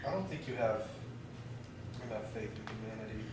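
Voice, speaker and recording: A man chimes in on a casual podcast with fast, teasing quips, often low and offhand. The recording is roomy, with clear background noise. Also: expressive. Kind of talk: casual chat.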